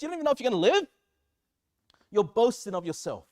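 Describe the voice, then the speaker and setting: A high-voiced man preaches to his congregation. He sounds earnest and a little self-mocking, and he often slips into spoken prayers as he teaches. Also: animated, fairly quick. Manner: earnest, self-deprecating, acts out prayers aloud. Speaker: pastor. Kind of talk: sermon.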